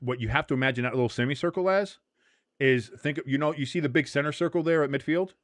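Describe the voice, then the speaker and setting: A man's voice: on the high side, fast talker, dry recording, studio quality. A man from the United States hosting a casual watch-along stream, explaining the game and cracking profane jokes. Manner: profane, joking, animated. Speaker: host.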